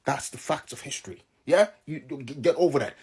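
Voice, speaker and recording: A man's voice: on the high side, brisk, a little mellow, breathy edge. A man from Southern Africa giving casual reaction commentary, exasperated and incredulous, often laughing in disbelief.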